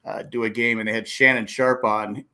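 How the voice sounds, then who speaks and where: Animated man talking football. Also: fairly low pitch, moderate pace. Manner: animated, acts out coaches and fans with exclamations. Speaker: podcast host. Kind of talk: casual sports talk.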